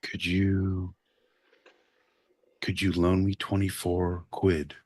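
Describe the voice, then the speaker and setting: Deep, husky man, sweary comedic co-host, rambling banter. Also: monotone, slow, darkish tone. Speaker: podcast co-host. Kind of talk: casual comedic chat.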